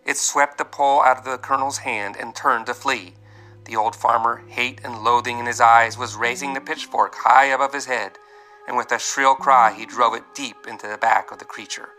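A man's voice: mid-range voice, bright, forceful tone, low-quality recording. A man narrating a dramatic adventure story aloud, with vivid delivery and voiced characters. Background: faint music.

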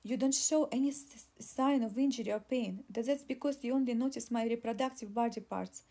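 A woman's voice: fairly high pitch, brisk, mellow. Woman reading as a pleading pregnant woman. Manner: pleading, insistent. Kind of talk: audiobook dialogue reading.

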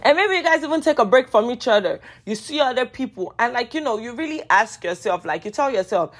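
A woman's voice: a little high, animated, fairly quick, few pauses. A woman in her twenties talking casually to the camera, emphatic and frank, repeating lines for effect and swearing freely. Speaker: vlogger.

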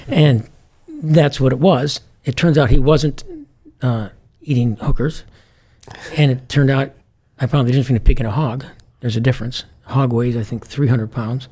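Male ex-police commander, raspy voice, lively storyteller who acts out the dialogue. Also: mid-range voice, moderate pace. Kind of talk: anecdotal interview storytelling.

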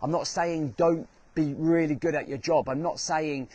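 Earnest man, slightly high voice. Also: steady tone, normal speed, warm tone, no echo, muffled recording. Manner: earnest, repeats phrases for emphasis. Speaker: host. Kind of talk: motivational talk.

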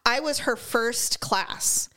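Middle-aged woman, casual chat, storyteller who does voices, a bit high. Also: takes it slowly. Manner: animated storyteller, acts out voices.

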